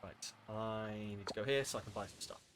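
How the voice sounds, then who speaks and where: A man's voice: lowish voice, brisk, background noise. A man streaming a game with casual, rambling commentary, self-mocking and full of asides.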